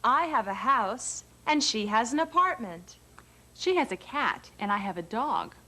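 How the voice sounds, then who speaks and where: Bright, lively woman in a course dialogue. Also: a little high, measured pace.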